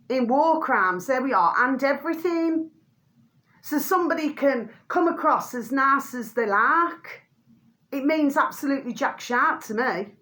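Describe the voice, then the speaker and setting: A woman's voice: sits high, bright, forceful tone. Fiery woman ranting. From United Kingdom. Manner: fiery and blunt, swears freely, keeps repeating "my delicious little babies". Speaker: vlogger. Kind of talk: ranting monologue to camera.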